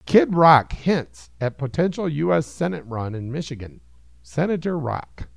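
Gravelly joking podcast man. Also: fairly high pitch, sing-song, a little slow, a little hiss or hum. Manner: joking, profane, riffs on bits. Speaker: podcast co-host. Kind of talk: casual comedic chat.

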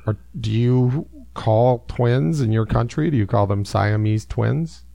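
A man's voice: mid-range voice, a little slow, gravelly, warm tone, no echo. A man co-hosting a casual chat, joking around a lot. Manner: jokey, prone to silly voices.

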